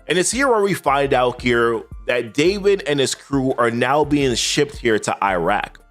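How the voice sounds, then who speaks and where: Male comic recap host, casual chat, very lively pitch, faint music underneath. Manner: conversational, often breaks in with "he's like".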